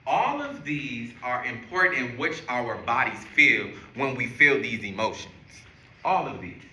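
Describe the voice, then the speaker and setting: A man leading a classroom through calming exercises, speaking slowly with a very bright, lively voice. His pitch moves a lot as he guides everyone step by step. The sound carries the echo of a roomy classroom. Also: a little hiss or hum. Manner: guides a group through breathing and counting. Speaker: teacher. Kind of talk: classroom lesson on calming strategies. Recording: echoey room.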